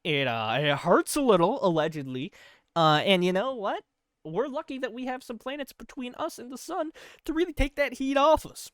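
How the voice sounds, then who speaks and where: Male comedy podcast host: loose, silly rambler with a lively, swooping delivery, dead-dry recording. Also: very high voice, moderate pace, dry recording. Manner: loose, goofy, full of filler asides; breaks into laughter mid-line. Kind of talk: rambling comic monologue.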